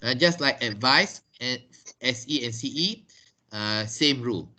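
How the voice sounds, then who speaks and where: A man's voice: medium pitch, animated, a little slow, bright, forceful tone, poor audio. A middle-aged man with a Malaysian English accent gives an online English lesson. He spells words out letter by letter and repeats his key points. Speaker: English teacher.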